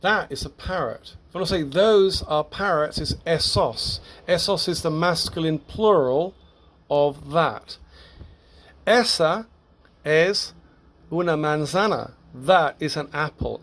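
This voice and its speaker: A man teaching Spanish grammar to English speakers, explaining step by step, halting and correcting himself as he goes. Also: fairly high pitch, a bit bright. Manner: slow, halting, with restarts and self-corrections.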